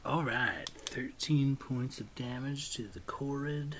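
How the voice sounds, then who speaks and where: Man, game master, slow pace, relaxed halting delivery, tabletop game. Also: medium pitch, crowd noise. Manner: relaxed, hesitant, many pauses and fillers. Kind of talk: running a tabletop game, casual narration.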